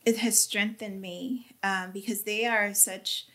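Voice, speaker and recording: A woman being interviewed, giving an emotional personal testimony with halting, earnest speech and fighting back tears. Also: medium pitch, steady tone, fairly bright tone. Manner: earnest, halting, with many fillers. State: tearful, near crying.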